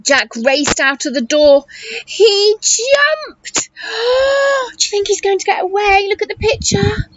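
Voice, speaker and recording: A teacher reading a picture book aloud to children in an animated way, gasping and asking questions. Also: female voice, very high voice, takes it slowly. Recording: muffled recording with hiss.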